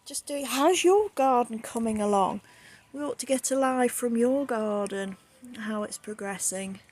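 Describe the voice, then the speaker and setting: A woman's voice: fairly high pitch, unhurried. A woman with a Nottingham accent chatting casually on a live stream while strolling around her garden, filming on a handheld phone. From England. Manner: relaxed, chatty, drifting from one remark to the next. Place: home garden outdoors in the evening. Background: faint outdoor ambience, water.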